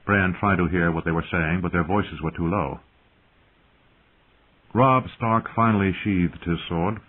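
A man narrating a fantasy audiobook in a measured storytelling manner. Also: low voice, slightly rough. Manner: measured storytelling, shifts into character voices. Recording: tinny lo-fi phone-like sound.

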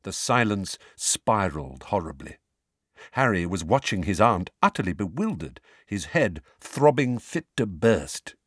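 A man narrating an audiobook in a dramatic, expressive reading. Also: fairly low pitch, a little slow, no echo, clean studio sound.

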